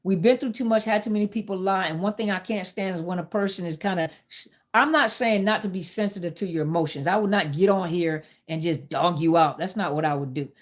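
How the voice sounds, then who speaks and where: A woman's voice: fairly low pitch, a little fast. A middle-aged woman, hosting a live talk and telling a personal story candidly, speaking straight to her viewers. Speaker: host.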